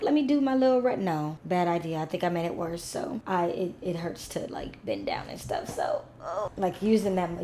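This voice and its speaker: A woman's voice: on the low side, dark tone, a little hiss or hum. A young woman chatting casually as a recap vlogger, rambling with asides to her viewers.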